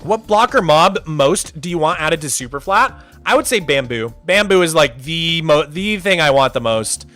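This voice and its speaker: Young male streamer, bright and fairly high, chatty chat-reader, faint music under. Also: animated, moderate pace, hardly any pauses. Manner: chatty, reads chat aloud, loose restarts. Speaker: streamer host. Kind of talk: casual livestream chat.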